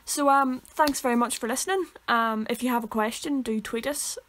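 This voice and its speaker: A woman's voice: a little high, normal speed, fairly bright tone, slight background noise. A young woman with a Northern Irish accent, co-hosting a casual podcast and telling rambling stories that she keeps correcting as she goes. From Northern Ireland. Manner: rambling, self-correcting storyteller. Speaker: podcast co-host. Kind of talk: casual chat.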